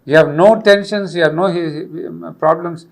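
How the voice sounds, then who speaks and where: A man's voice: a little high, moderate pace, creaky. An older man, giving an earnest spiritual lecture on yoga and repeating key phrases for emphasis. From India.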